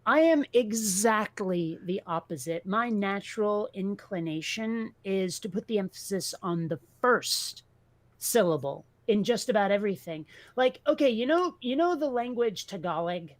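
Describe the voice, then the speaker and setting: A woman co-hosting a casual talk show, blunt and animated, swearing freely. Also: medium pitch, moderate pace, no room sound. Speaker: podcast co-host. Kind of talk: casual chat.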